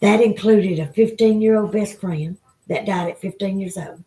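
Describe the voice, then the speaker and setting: A woman's voice: medium pitch, moderate pace, mellow, low-quality recording. A woman with a Southern US accent chatting with viewers on a live stream, emotional and rambling. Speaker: vlogger. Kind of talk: casual live-stream chat.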